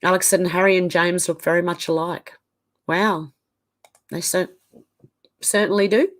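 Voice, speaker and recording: An Australian woman hosting a casual stream reads her viewers' comments aloud and answers them conversationally. Her voice is lowish, with fairly even intonation and a normal speed.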